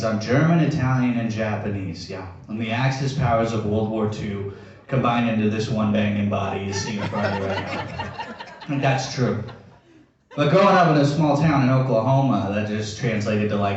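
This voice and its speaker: A man's voice: lowish voice, recorded from a distance. A young man doing brash stand-up comedy, acting out schoolyard exchanges. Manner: brash, acts out schoolyard voices. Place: live comedy venue with audience. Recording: echoey venue, from afar, muffled.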